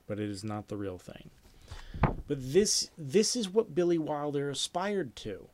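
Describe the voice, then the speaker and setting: Man lecturing with animated storytelling. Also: medium pitch, no room sound. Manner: animated storyteller, acts out sound effects, repeats himself. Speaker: screenwriting teacher. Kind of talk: lecture reading anecdotes aloud.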